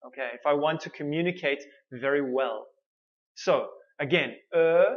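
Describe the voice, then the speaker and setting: A man teaching English pronunciation, modelling words slowly and repeating each one with exaggerated mouth shapes. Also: on the high side, lo-fi sound. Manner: slow, drawn-out modelling of words with many repeats. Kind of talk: pronunciation lesson.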